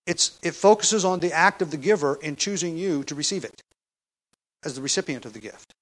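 A middle-aged man preaches through a Bible passage in a conversational teaching voice that sits a little high for a man. He presses hard on key phrases, then eases back into plain explanation with the odd filler and restart. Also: lively intonation, brisk, fairly bright tone, rough recording. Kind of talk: expository sermon.

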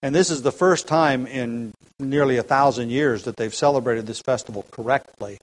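Man, preacher, earnest sermon, slows and swells for emphasis, mid-range voice. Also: medium pitch, poor audio. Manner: earnest, builds emphasis by slowing down and getting louder. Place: church gathering.

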